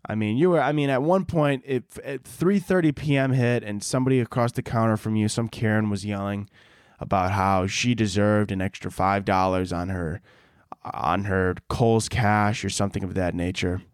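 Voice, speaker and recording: A man hosting a podcast, telling a rambling, sarcastic rant full of dark humor and exaggeration, with frequent self-interruptions. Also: on the low side, fairly even intonation, normal speed, clean tone, no echo, clean studio sound. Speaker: podcast host.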